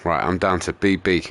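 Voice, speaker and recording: A man's voice: low-pitched, bright, forceful tone, a little hiss or hum. A young man swearing, laughing and ranting in casual live-stream commentary while racing. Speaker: gaming streamer.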